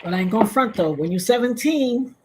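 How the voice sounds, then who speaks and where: A woman hosting a livestream, telling a personal story in a casual, animated way and jumping to loud, high exclamations. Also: a little fast, background noise.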